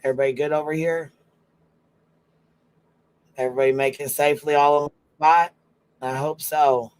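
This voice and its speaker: A man's voice: fairly high pitch, steady tone, normal speed, clean tone, poor audio. Slangy man hosting a livestream. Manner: slangy, repetitive check-ins with viewers. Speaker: livestream host. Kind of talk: casual livestream chat.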